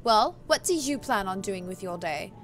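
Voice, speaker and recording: A woman's voice: medium pitch, moderate pace, natural voice. A woman reading as a sardonic aloof sister. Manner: flat, sardonic, uninterested. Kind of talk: reading a visual novel aloud.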